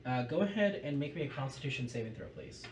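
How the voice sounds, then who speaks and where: A man as game master, calmly calling out attack rolls and damage numbers and describing the blows. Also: medium pitch, fast talker, background noise. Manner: methodical, calls out dice rolls and damage numbers. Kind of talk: running a tabletop game. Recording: roomy, distant mic with music behind. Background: music.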